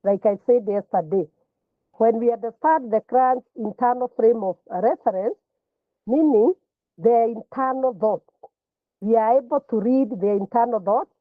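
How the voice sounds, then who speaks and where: A woman's voice: on the high side, no echo. Woman lecturing over a tinny line. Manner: repeats words and restarts while explaining. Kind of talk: classroom lecture.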